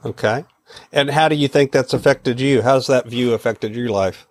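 A man from Texas who hosts a podcast and interviews his guest in a relaxed, rambling way, often chuckling. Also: mid-range voice, normal speed, dry recording. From Texas, USA. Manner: rambling, many fillers and restarts, chuckles. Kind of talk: conversational interview.

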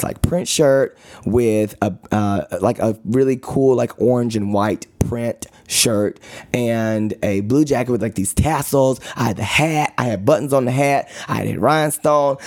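A man hosting his own podcast tells stories in a campy, chatty way, tossing in "okay?" and playful asides. His voice swings widely in pitch with dramatic flair, and the sound is close and dry, with no room behind it. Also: dry recording. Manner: animated, campy, chatty, with lots of "okay?" and "girl". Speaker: podcast host. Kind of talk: casual storytelling monologue.

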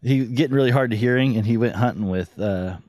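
A man on a podcast spins a funny anecdote and throws his voice for each character in it. His voice sits at an ordinary middle pitch. The sound is dry and close, with no room echo. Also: fast. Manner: animated storyteller, acts out voices in anecdotes. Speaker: podcast guest. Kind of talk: casual podcast chat.

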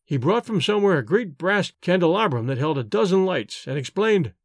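A man narrating a first-person novel as an audiobook, expressive and storytelling in manner. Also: high voice, a little fast, hardly any pauses, no room sound, clean studio sound.

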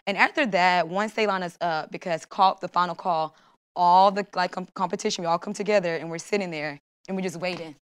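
Young woman, slightly low voice, casual interview chat, animated storytelling. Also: a little fast, smooth. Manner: animated storytelling, acts out her own thoughts in quotes. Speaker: guest, Olympic long jumper.

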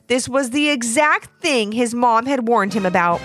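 Female children's-story narrator, animated and lively, faint music under. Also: a little high, moderate pace, hardly any pauses. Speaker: storyteller host.

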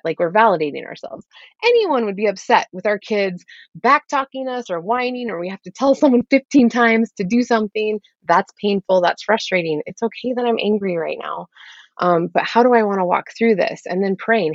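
A woman working as a parenting coach, explaining her method in a steady, instructive way. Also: on the low side, moderate pace, dry recording. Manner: steady, instructive, lays out steps. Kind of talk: explaining in an interview. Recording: slightly dull lo-fi audio.

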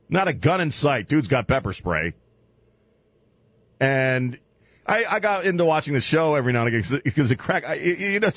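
A man hosting a comedic radio talk show, riffing and mocking with a husky voice. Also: a little high, no echo. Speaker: radio host.

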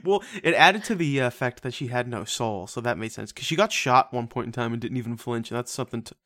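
Male podcast co-host, mid-pitch, foul-mouthed and sarcastic, dry close sound. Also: quick pace, sharp tone, no echo. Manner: profane, sarcastic, laughs often. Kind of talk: casual movie-review chat.

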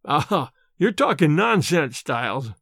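A cool, skeptical young student, as a man reads him, with a measured, unhurried delivery. Dry and dismissive, recorded close with no room sound. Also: on the high side, sing-song, fairly bright tone, dry recording, heavily acted.

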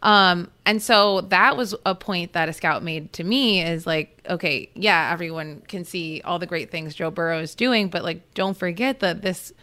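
A woman's voice: on the low side, normal speed, hardly any pauses, sharp tone. A woman football reporter on a podcast, telling stories in a chatty, casual way with many fillers and restarts. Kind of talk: casual chat.

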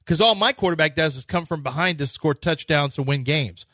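Brash radio guy, slightly high, bright dry studio sound, boasting about his team. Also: brisk, dry recording. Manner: brash, boastful, loud predictions. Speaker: sports radio host. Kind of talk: sports radio banter.

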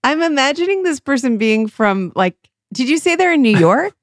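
Co-host: bubbly teasing woman, mid pitch, dry studio sound. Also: lively intonation, no echo. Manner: playful, teasing, quick to laugh. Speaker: podcast co-host. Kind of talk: casual chat.

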